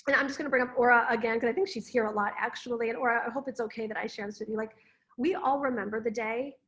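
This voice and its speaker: A woman's voice: a little high, steady tone, quick pace, fairly bright tone. A woman business coach teaching on a live video call, telling stories with lots of "like," enthusiastic and persuasive. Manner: enthusiastic, storytelling with many "like"s.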